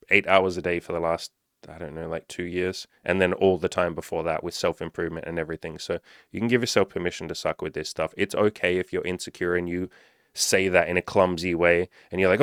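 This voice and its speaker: Profane, animated man with a low voice. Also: clean tone, no echo, clean studio sound. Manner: profane, animated, acts out panicky inner voices. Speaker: self-improvement coach. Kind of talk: casual monologue to camera.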